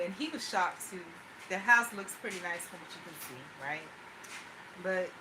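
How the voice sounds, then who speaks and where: A woman's voice: mid-range voice, noisy background. A woman vlogger venting in a loose, rambling personal monologue, anxious and talking things through in run-on asides.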